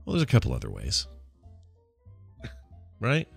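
A man co-hosting a comedy podcast, telling rambling stories and slipping into animated voices for the people in them. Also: fairly low pitch, unhurried, creaky, breathy edge, faint music behind. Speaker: podcast co-host. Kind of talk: casual comedic chat.

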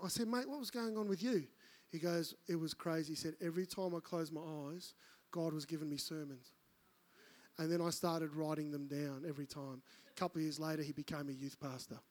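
A man preaching a sermon, telling stories and acting out the voices of the people in them. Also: high-pitched. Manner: animated, acts out voices in his stories. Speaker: pastor. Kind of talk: sermon with storytelling.

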